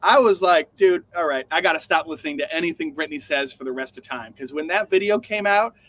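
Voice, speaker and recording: A man's voice: fairly high pitch, fairly quick, a bit bright. A man co-hosting a podcast, chatting animatedly, swearing and acting out quotes in funny voices. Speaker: podcast co-host. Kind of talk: casual news chat.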